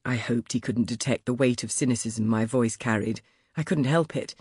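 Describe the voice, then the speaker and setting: A man reading a first-person historical audiobook in a measured, expressive storytelling manner, close to the microphone. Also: mid-range voice, husky, no echo. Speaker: audiobook narrator. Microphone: close studio mic.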